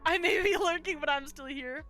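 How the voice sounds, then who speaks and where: Drawing while she streams, a young woman artist chats casually and rambles, full of fillers and restarts. Her high-pitched voice is sharp and moves at a normal speed, with soft music in the background.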